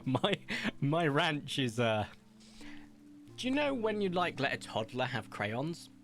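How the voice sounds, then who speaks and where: Streaming a game with soft music behind him, a young Somerset man speaks in a slightly high, a bit bright, very animated voice, taking it slowly. His English West Country accent drifts between posh and broad as he chats casually and pokes fun at himself.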